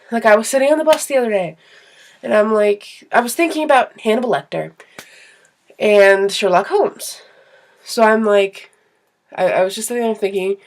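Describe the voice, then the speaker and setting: A young woman with a somewhat high voice chats to her camera. She rambles through her stories in an animated, self-deprecating way. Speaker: vlogger. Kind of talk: casual storytelling to camera.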